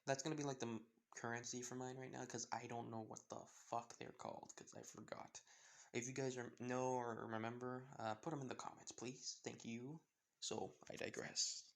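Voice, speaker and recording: A man's voice: mid-range voice, little pitch movement, moderate pace. A man casually improvising a fan story, rambling with many fillers and some swearing.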